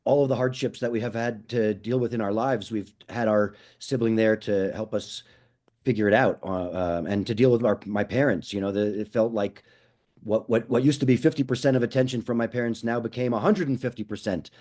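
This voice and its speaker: A man's voice: on the low side, fairly quick, darkish tone. A man answering a panel question on a video call, speaking in an earnest, reflective way. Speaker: panelist and podcaster. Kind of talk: casual spoken answer.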